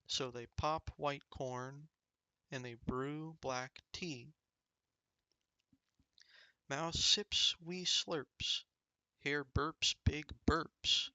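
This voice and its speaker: Slow, bright-voiced man reading a picture book. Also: fairly high pitch, clear, resonant tone, no echo. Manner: rhythmic, expressive, savoring the rhymes. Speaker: storybook reader. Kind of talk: children's picture book read-aloud.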